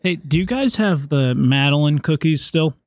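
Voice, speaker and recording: A man's voice: fairly high pitch, lively intonation, normal speed, dry recording, studio quality. A man making a casual, chatty prank call and laughing along. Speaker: prank caller.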